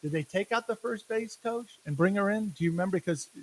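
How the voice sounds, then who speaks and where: Male co-host, gravelly and lively, jokey baseball rants, slight hiss on the track. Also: high voice, fairly quick, poor audio. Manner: animated, laughs often, jokey rants. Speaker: podcast co-host. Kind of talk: casual sports chat.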